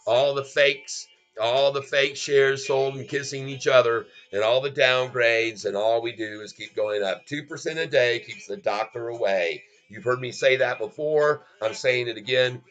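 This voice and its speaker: A man's voice: mid-range voice, a bit bright, lo-fi sound. A middle-aged man, hosting a stock livestream and calling out chart moves in exclamations to his viewers. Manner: exclamatory, talks straight to viewers as folks. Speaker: stock market livestream host. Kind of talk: excited live commentary on a stock chart.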